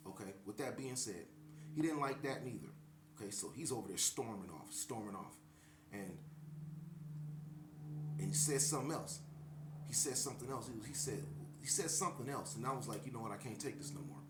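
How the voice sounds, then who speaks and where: A man's voice: mid-range voice, moderate pace, long pauses, roomy sound, very noisy. A man who works as a shift manager, telling an indignant story in casual speech and acting out the dialogue. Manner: animated, indignant, acts out quoted dialogue. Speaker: pizza shop shift manager.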